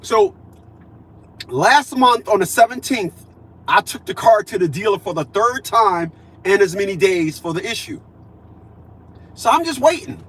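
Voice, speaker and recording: Husky-voiced man in his fifties, ranting. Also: sits high, sing-song, unhurried, pauses often. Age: 50s. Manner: preachy, repetitive, swings between loud and muttered. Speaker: vlogger. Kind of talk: profane ranting monologue.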